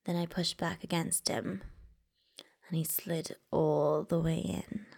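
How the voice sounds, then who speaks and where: A woman reading a first-person story aloud in a soft, intimate whisper. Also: low-pitched, steady tone, slow, vocal fry.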